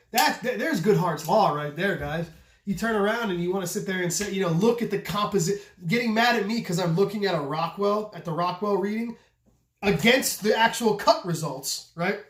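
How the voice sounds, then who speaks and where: A man who runs a knife channel, talking loudly and passionately in a casual rant, swearing freely and asking rhetorical questions. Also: sits high. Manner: loud, passionate, voice carries; profane, repetitive restarts, rhetorical questions. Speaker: custom knife maker and channel host. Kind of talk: casual opinion rant to camera. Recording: echoey room.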